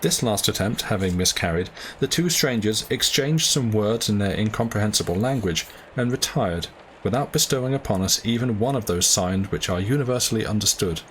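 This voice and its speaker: A man narrating a classic novel aloud in a steady, measured way on a livestream. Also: on the low side, a little hiss or hum, low-quality recording. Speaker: reader of a novel.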